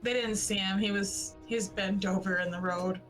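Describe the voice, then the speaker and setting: Woman joking around at a dnd table, mid pitch, faint music. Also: fairly even intonation, normal speed, rough recording. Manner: joking, playful. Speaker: player. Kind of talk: casual tabletop role-play.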